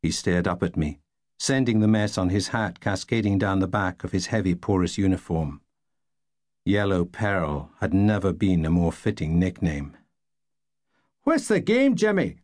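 A man reading a novel aloud in the first person, wry and deadpan. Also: sits low, normal speed, dry recording, clean studio sound. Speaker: audiobook narrator.

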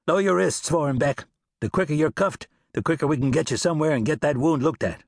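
A man's voice: mid-range voice, expressive, moderate pace, breathy edge, no room sound, clean studio sound, pitched above the performer's own voice. A man voicing a stern, cool-headed lawman turned bounty hunter in an audiobook western, speaking in an authoritarian, matter-of-fact way.

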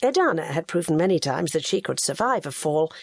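A woman narrating an audiobook in a measured storytelling manner, her pitch moving a lot through the lines. Her voice has a light husk, and the recording is dry and close with no room around it. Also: sing-song, gravelly, no echo. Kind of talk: scripted narration.

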